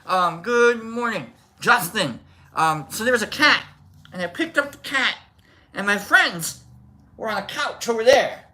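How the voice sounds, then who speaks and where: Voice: mid-range voice, animated, a little slow, pushed and bright. A live stream host chatting casually, telling a rambling story and greeting viewers in the chat.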